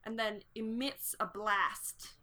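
A woman's voice: medium pitch, steady tone, takes it slowly, music in the background. A young adult woman running a tabletop game as game master, easygoing and often hesitating with ums and likes.

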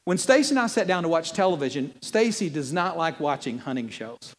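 Animated preacher man, high voice, echoing hall. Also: a little fast. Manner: animated, conversational preaching with playful asides. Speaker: pastor. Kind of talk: sermon.

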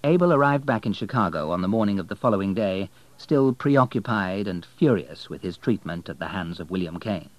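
Man calmly narrating an audiobook. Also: fairly quick, few pauses, no room sound, low-quality recording. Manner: low, calm storytelling.

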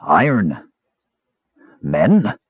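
A man voicing a huge, slow tree creature with a raspy bass voice, speaking in halting, broken words. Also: huge pitch swings, no echo, narrow, tinny audio, exaggerated voice.

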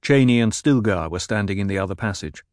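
A man narrating an audiobook in a measured, dramatic reading. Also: lowish voice, lively intonation, darkish tone, no echo, studio quality.

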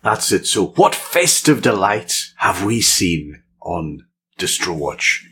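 Lively, jokey low-voiced man. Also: slow pace, slight background noise. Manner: playful, jokey, enthusiastic. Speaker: podcast co-host. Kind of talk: casual chat.

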